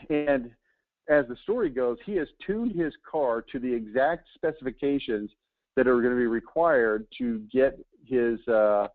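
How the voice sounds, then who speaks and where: A man's voice: mid-range voice, animated, measured pace, dry recording. Man teaching a marketing webinar over phone-like audio. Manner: storytelling, with fillers and restarts. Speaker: marketing trainer. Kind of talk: webinar lesson.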